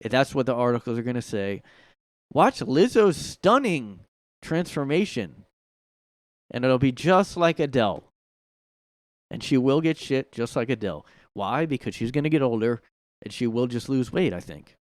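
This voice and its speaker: A man riffs alone on his podcast in a sarcastic, mocking tone and often laughs at his own lines. His voice sits at a middle pitch. It is recorded close and dry, with no room sound. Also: a little fast, a little mellow, no echo. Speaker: podcast host. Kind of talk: casual solo commentary. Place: home room.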